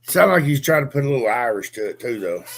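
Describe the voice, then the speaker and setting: An older man with a gravelly, husky voice chats casually as a podcast co-host. He drawls along in loose, rambling stories, restarting and trailing off as he goes. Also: mid-range voice, very animated, fast, fairly bright tone. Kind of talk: casual chat.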